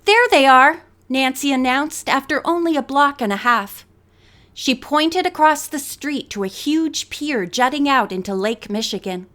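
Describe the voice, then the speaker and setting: A woman narrating an audiobook with a measured, expressive reading. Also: high-pitched.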